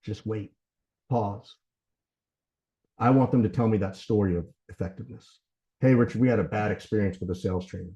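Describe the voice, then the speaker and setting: A middle-aged Georgia man with a fairly low, mellow voice gives a fast, conversational sales training talk, acting out sales dialogue and often tagging lines with "right?" and "you know." He has a Southern US accent, and the recording sounds slightly dull.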